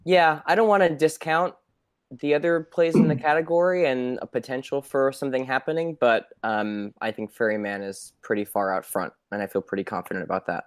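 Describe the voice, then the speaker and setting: A man co-hosting a podcast, giving measured, thoughtful opinions with occasional fillers. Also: mid-range voice, steady tone, clean tone, no echo, studio quality. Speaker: podcast co-host. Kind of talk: casual awards-prediction chat.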